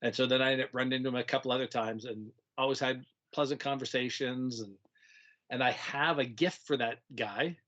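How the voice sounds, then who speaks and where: Animated middle-aged man, slightly dull audio. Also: mid-range voice, a little fast. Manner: animated, acts out kids' voices, laughs often. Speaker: retired teacher, guest. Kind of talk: casual storytelling conversation.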